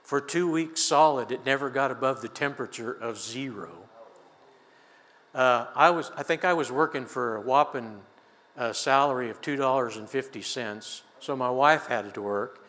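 With a bright, forceful mid-range voice at a moderate pace, an older male preacher combines scripture and a folksy story from his life, chuckling easily. The sound carries the long reverb of a large church sanctuary.

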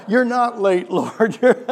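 A male pastor preaching a sermon, animated, with rhetorical questions and chuckles, in a church. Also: extremely high pitch. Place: church sanctuary. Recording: long church hall reverb.

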